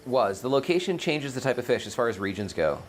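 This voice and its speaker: A man's voice: mid-range voice, sing-song, quick pace, slight background noise. A man hosting a casual gameplay livestream, rambling and thinking aloud, often correcting himself mid-sentence. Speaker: streamer, game host.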